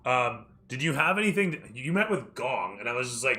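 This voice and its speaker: Bright-voiced hurried male game master. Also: medium pitch, sing-song. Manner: hurried, self-correcting, casual swearing. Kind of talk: narrating a tabletop game.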